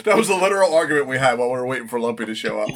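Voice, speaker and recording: A man's voice: medium pitch, lively intonation, fast talker. Joking, laughing podcast man. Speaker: podcast co-host. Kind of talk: casual chat.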